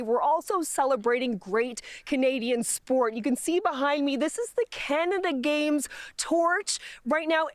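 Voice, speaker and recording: A woman's voice: high voice, no room sound. A woman reporter giving a live field report, enthusiastic. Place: outdoor street.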